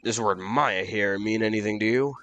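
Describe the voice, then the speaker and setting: A man voicing a blunt male police detective in a game reading, with a gruff tough-guy delivery. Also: fairly low pitch, brisk, a bit bright, no room sound, dull audio, close to an everyday voice.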